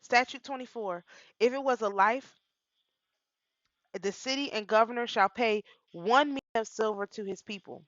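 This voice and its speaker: A woman's voice: fairly high pitch, normal speed, a bit bright, no echo. Woman reading old laws, dull lo-fi sound. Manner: reads statutes then reacts with emotional asides. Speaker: reader and commentator. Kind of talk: reading a law code aloud with commentary.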